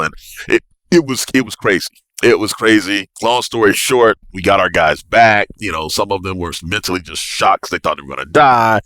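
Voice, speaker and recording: A man, a navy officer, telling a story as a podcast guest in an animated, excitable way with bursts of laughter. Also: sits low, no room sound. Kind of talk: casual storytelling.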